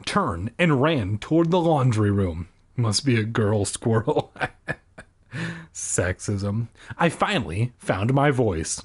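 This husky, medium-pitched male voice belongs to someone reading a kids' book while tossing in sarcastic wisecracks. It's a comedy reading, with jokey interruptions punctuating the story.

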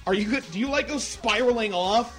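A man's voice: very high-pitched, brisk, music in the background. A married man co-hosting a podcast, chatting loosely and cursing freely between laughs. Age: adult, married. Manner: profane, laughing, loose banter. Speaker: podcast co-host. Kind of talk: casual podcast chat.

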